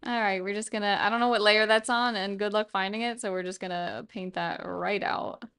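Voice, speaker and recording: A woman's voice: mid-range voice, steady tone, a little fast, fairly bright tone, smooth. A young woman from New York State chatting casually with viewers on a live stream while she paints, laughing often and muttering to herself. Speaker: livestreamer.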